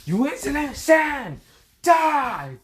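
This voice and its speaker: A sneering alien overlord with a shrill, strained voice that swoops into shouted threats. He sounds arrogant and cruel, looking down on everyone. The voice is pushed far above a normal man's range. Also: sing-song, slow pace, heavily acted. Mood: furious.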